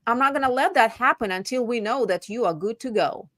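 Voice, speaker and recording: A woman real estate agent chatting casually about home buying, animated and voicing her clients' lines. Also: on the high side, fairly quick, no echo, clean studio sound. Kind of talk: casual chat.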